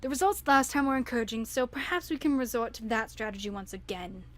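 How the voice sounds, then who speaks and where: A woman's voice: on the high side, fast talker, close to an everyday voice. A woman reading aloud as a formal, firm female manager handing down a reprimand. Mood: stern.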